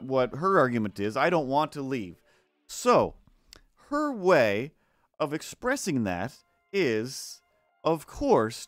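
A man's voice: mid-range voice, dry recording. A man rambling sarcastically through a neighbor story during a casual art stream, acting out the quoted voices. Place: home art stream setup.

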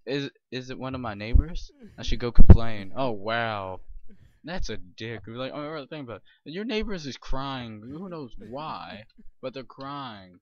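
A man's voice: medium pitch, animated, unhurried, dull audio. Young man rambling through game commentary. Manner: rambling, with lots of fillers and restarts. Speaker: gamer. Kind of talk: let's play commentary.

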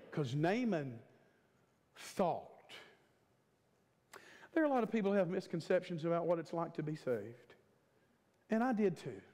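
Preacher guy in his 50s, really high voice, slow and stretched out, big echoey church. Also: warm tone. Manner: emphatic, repetitive preaching cadence with stretched words. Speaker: guest preacher. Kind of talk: sermon. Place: church sanctuary. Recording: long church hall reverb.

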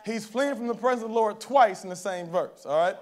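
A man's voice: high-pitched, a little fast, a little mellow. A male pastor preaching a sermon at a church service in a conversational way, often checking in with the congregation.

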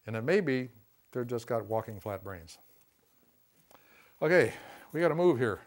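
A man teaching a class on communication, folksy and conversational, often saying "see" and "you know" and acting out quick quotes. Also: medium pitch, expressive. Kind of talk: classroom lecture.

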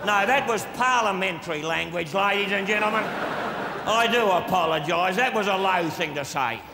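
A man playing a crude, drunk Australian diplomat with a boorish, gravelly manner, delivering a live comic monologue on a concert stage. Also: high voice, moderate pace, crowd noise, noisy background. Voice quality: gravelly, blustering and vulgar. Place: large concert hall with audience. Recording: live hall recording with long reverb.

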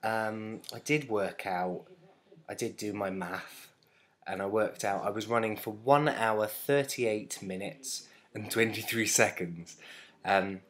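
A man's voice: fairly low pitch, slow, fairly bright tone. A man, rambling casually in a video diary and often laughing. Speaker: vlogger.

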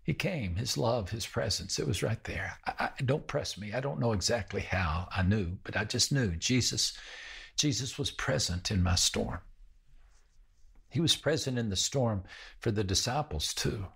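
A male pastor preaching a sermon in a slow, measured way, with pauses and repeated phrases. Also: medium pitch, lively intonation, vocal fry, fairly bright tone, slightly rough.

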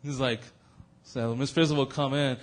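A young man leading a youth bible study, joking and animated as he teaches. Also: medium pitch, normal speed. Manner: animated, joking, breaks into sung and mimicked bits. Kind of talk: lively youth group teaching.

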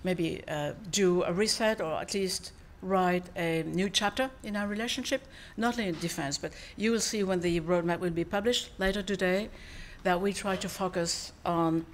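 With a lowish voice and a faint hiss or hum in the background, a woman whose first language is French speaks with a French accent. As foreign minister she gives a formal speech and takes questions, measured in her delivery and frequently stopping for pauses and fillers.

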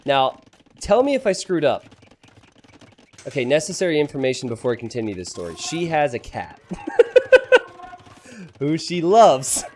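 An animated young man calls a strategy game live for his stream, his pitch swinging widely as he jokes with chat. He teases himself, tells stories and gets excitable when the action hits, speaking into a streaming mic. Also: measured pace, long pauses, slight background noise. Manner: joking, self-teasing, excitable.

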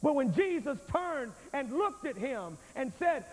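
A man preaches a fiery, emphatic revival sermon, pressing his listeners and calling each one friend. His voice runs very high for a man and rolls through a big church hall with a long echo. The sound carries the dull wear of an old tape. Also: sing-song, a little slow. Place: large church sanctuary.

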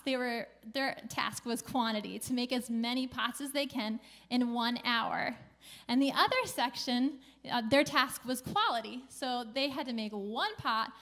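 A woman pastor giving a sermon in a relaxed, conversational storytelling way, with a few casual fillers. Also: fairly high pitch. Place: church.

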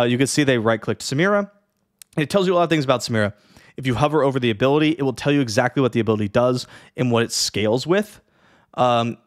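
A man casually explaining a strategy game to beginners in a chatty, lively way, with many fillers and the odd yawn. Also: mid-range voice. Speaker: streamer teaching a strategy game. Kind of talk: casual tutorial talk.

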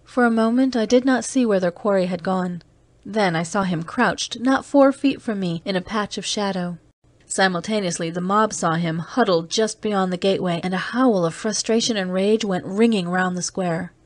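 A woman's voice: medium pitch, no room sound, natural voice. Woman reading as a terse seasoned agent. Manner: steady, measured storytelling. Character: weary man, seasoned off-world agent, terse. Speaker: audiobook reader. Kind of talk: scripted narration.

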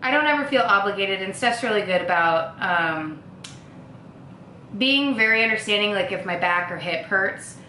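A young woman telling stories in a relaxed casual chat, with plenty of filler words. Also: medium pitch, normal speed, a little hiss or hum. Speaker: guest. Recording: echoey room.

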